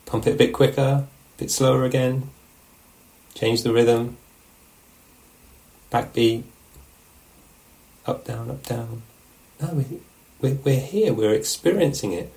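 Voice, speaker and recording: A man teaching meditation in a relaxed, conversational dharma talk, often checking in with his listeners. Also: medium pitch, slow, vocal fry, pauses often.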